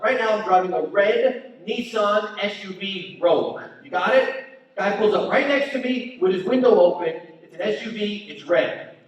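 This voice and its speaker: A high-voiced Italian-American man delivers stand-up with punchy crowd work. He is caught from a distance in a very echoey venue, and the sound is dull. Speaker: stand-up comedian. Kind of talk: stand-up comedy set. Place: comedy venue with audience.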